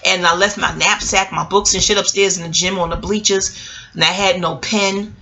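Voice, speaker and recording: A woman, telling a personal story in a casual vlog. She talks in an animated, profane, slangy way. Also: moderate pace. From Queens, New York. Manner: animated, profane, street slang, jumps up in pitch for quoted voices. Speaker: vlogger.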